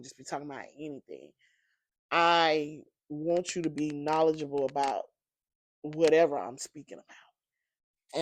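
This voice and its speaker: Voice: mid-range voice, dry recording. A sleepy, yawning podcast host and apostle, rambling conversationally through a casual solo monologue with many fillers.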